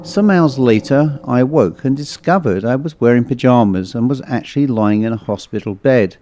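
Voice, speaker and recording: A man narrating a ghost story in a measured, ominous storytelling manner. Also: mid-range voice, dark tone, faint music behind.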